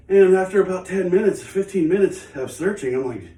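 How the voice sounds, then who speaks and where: A breathless man chats in a rambling, self-mocking way while he works out. His voice sits a bit high for a man. It comes from some distance in an echoey home studio. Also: brisk, few pauses, warm tone. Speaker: channel host. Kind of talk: casual vlog talk while exercising. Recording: echoey room, away from the mic.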